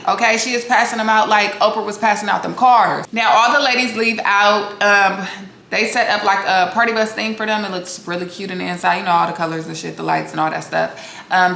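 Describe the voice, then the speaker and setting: A woman recaps a reality show in a blunt, sassy, profane way, talking straight to her viewers. Her voice is bright and forceful. The sound has a roomy echo with a faint hiss behind it. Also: mid-range voice, vocal fry. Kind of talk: casual opinionated recap. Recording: echoey room with faint noise.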